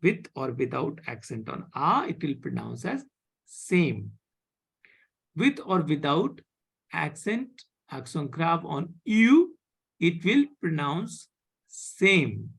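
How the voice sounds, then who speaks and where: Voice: mid-range voice, sing-song, slow pace, gravelly, slightly rough. A French teacher, leading a live online beginner class over a video call, patiently repeating points and checking that students follow. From India.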